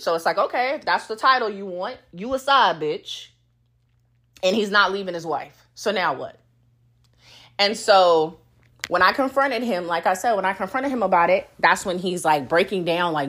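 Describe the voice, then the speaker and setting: Blunt, heated woman podcaster, higher voice. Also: fairly bright tone. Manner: blunt, profane, heated venting. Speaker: podcast host. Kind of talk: casual storytime monologue.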